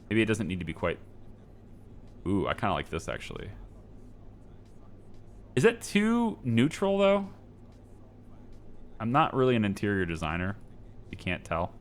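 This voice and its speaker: Low, lively indecisive gaming commentator. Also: male voice, slight background noise. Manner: rambling, indecisive, self-mocking. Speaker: gameplay streamer. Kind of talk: casual gameplay commentary.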